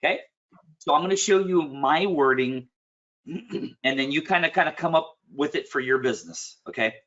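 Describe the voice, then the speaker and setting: Man, business coach, casual one-on-one session, blunt, animated, frequent throat clearing, bright voice, muffled recording. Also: on the high side, moderate pace.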